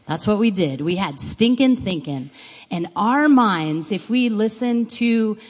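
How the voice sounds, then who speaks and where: A woman's voice: mid-range voice, animated, a little slow, breathy edge. Woman preaching in an echoing hall. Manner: conversational, earnest teaching. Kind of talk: sermon with scripture reading. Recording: long hall reverb.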